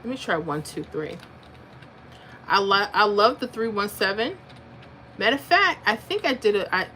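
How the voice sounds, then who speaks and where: A woman chats loosely on a home livestream, reading out viewer comments and thinking aloud as she goes. Her pitch sits in a middling range, and faint background noise runs under her voice. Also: very animated, moderate pace, long pauses, sharp tone. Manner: chatty, reads viewer comments, thinks aloud over numbers. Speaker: lottery livestream host. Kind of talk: casual livestream chat.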